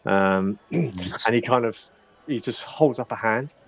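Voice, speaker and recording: A man's voice: mid-range voice, unhurried, vocal fry. A man narrating as game master in a casual, rambling way, with many fillers and restarts. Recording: dull lo-fi audio.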